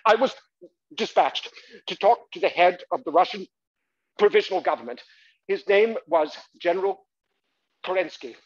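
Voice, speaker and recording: A man's voice: sits high, expressive, moderate pace, long pauses, voice pushed up. A man on stage playing a middle-aged novelist turned spy, who tells of his wartime mission in a grave, anxious first person. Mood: recounting. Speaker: solo stage performer. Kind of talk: one-man stage monologue. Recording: dull live theatre recording.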